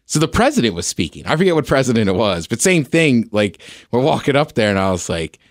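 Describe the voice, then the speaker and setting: A man's voice: mid-range voice, fast, dry recording, studio quality. A man co-hosting a podcast in casual chat, telling stories and acting out quotes. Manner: animated storyteller, acts out quotes. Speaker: podcast co-host.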